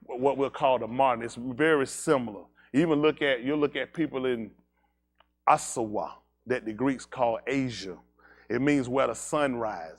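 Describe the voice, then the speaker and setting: A man leading a congregation in an emphatic teaching sermon, firing rhetorical questions at the room. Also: medium pitch. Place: synagogue service.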